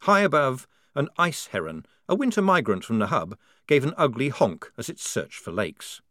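A man narrating a story in a wry, lively storytelling manner. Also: mid-range voice, normal speed, dry recording, studio quality. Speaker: audiobook narrator.

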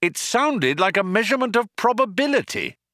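A man voicing a brisk, knowing man who explains things in an emphatic, hurried way. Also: high voice, sing-song, pushed and bright, dry recording, studio quality, voice pushed up, exaggerated voice. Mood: explaining.

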